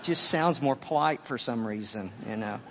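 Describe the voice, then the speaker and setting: A pastor preaching a sermon, swinging from loud emphatic peaks to quiet offhand asides and often repeating words. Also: male voice, mid-range voice, moderate pace, a little hiss or hum. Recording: dull sound with long hall reverb.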